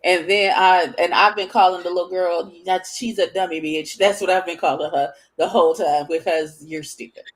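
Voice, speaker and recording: A woman co-hosting a casual chat show, blunt and animated, swearing freely and jumping into loud, high outbursts. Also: normal speed, hardly any pauses, low-quality recording. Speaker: podcast co-host.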